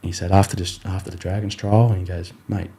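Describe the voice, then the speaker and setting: A young Australian rugby league player, appearing as a podcast guest, tells his story fast in a low, warm voice. He rambles with fillers and restarts and mimics his coach's voice when quoting him, staying relaxed and conversational throughout.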